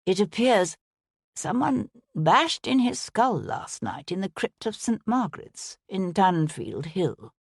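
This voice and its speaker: A woman voicing a frail, dying elderly archbishop who speaks weakly and with measured care. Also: mid-range voice, sing-song, a little mellow, slightly rough, no echo, studio quality, pitched above the performer's own voice, full character voice. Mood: grave, weary. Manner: weak, measured.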